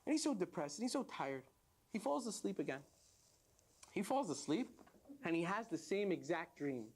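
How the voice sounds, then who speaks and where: A man, a rabbi, telling a parable in a lively, joking lecture to youth. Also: high voice, moderate pace, slightly rough. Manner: joking, animated. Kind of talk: animated storytelling lecture.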